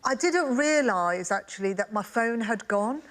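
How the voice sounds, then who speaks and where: A woman's voice: on the high side, lively intonation, measured pace, background noise. Chatty woman telling a story, repetitive. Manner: chatty, repeats phrases, laughs while telling. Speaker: panel show guest. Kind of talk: telling an anecdote on a comedy panel show. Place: TV studio before a live audience.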